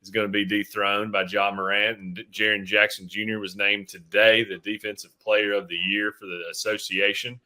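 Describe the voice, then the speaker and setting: A man's voice: fairly low pitch, flat delivery, moderate pace, hardly any pauses, bright, forceful tone. A man in his thirties, a mayor, answering interview questions earnestly with frequent fillers and restarts. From Tennessee. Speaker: city mayor, guest.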